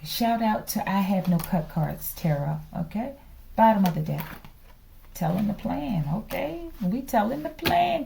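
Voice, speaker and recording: Woman, tarot reader; gravelly, mellow voice; teasing, chatty delivery. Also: medium pitch, a little hiss or hum, poor audio. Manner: chatty and teasing, tags lines with a repeated "okay?". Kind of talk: casual spiritual tarot reading.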